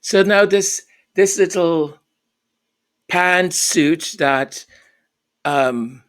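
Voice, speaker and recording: A man's voice: high voice, very slow, a bit bright, smooth. A man giving exasperated, mocking commentary as a vlogger, repeating his phrases for emphasis.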